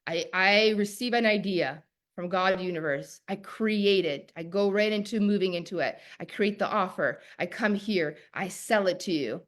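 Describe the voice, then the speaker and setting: A woman with a medium-pitched voice speaks at a moderate pace. She's a coach leading a live online masterclass, addressing her viewers directly in an emphatic, preacher-like cadence and repeating key phrases.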